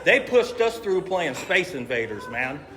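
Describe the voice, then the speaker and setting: A man's voice: fairly high pitch, big pitch swings, a little slow, bright, forceful tone. Slangy storytelling man in echoey room. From California. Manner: casual slangy storytelling, acts out quotes. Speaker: recovery meeting speaker. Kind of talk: personal recovery story. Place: meeting room. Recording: echoey meeting room, faint ambience.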